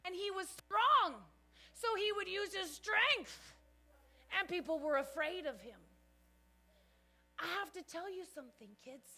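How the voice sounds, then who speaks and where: A woman teaching a children's church Bible lesson in an animated way, often asking the kids questions. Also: very high-pitched, a little slow, long pauses.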